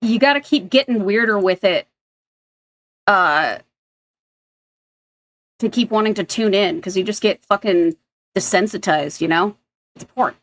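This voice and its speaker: A woman's voice: medium pitch, unhurried, long pauses. Woman streamer, casual reaction commentary, blunt delivery with frequent swearing, rambling asides.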